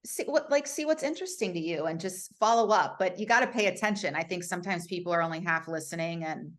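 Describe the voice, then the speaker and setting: A woman author talking as a guest on a podcast, her voice a little on the low side. She speaks earnestly and encouragingly, with frequent restarts and "you know"s as she works through her thoughts. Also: fast, fairly bright tone. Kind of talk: casual interview chat.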